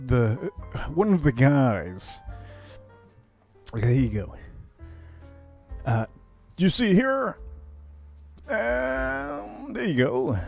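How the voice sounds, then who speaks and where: Animated, chatty man hosting a drinks stream. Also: mid-range voice, vocal fry. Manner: chatty, rambling, animated asides. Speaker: livestream whiskey cocktail host. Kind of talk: casual livestream chat.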